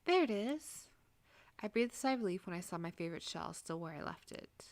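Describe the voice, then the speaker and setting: A woman's voice: lowish voice, big pitch swings, brisk, dry recording. Crude, joking woman game streamer. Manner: reads dialogue aloud, then crude, joking outbursts. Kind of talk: casual gameplay commentary and reading.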